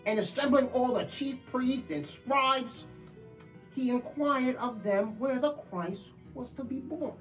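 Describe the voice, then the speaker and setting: A woman's voice: high-pitched, slow, music in the background, low-quality recording. A woman playing a wise man in a comedy church skit, reading scripture aloud with gangster asides. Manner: reads scripture aloud, then slips into gangster talk.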